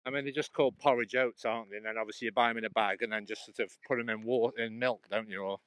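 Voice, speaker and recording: A man's voice: on the low side, fairly even intonation, fast talker, fairly bright tone, clear, resonant tone, dry recording. A man vlogging casually while walking outdoors through a churchyard, chatting in a rambling way with frequent restarts.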